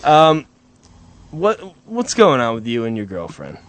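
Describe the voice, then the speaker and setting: A man's voice: medium pitch, huge pitch swings, a little slow, a little hiss or hum. A man hosting late-night comedy radio, talking in a laid-back, teasing way. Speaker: radio host.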